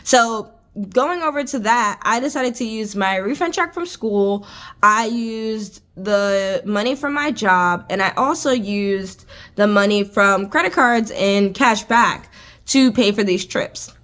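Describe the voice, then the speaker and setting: A woman's voice: mid-range voice, slow, a bit bright. A young American woman in her twenties talking casually to her camera indoors, chatty and exasperated, filling her talk with "like" and "I was just like". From United States. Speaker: vlogger. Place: indoor room with adjustable lighting.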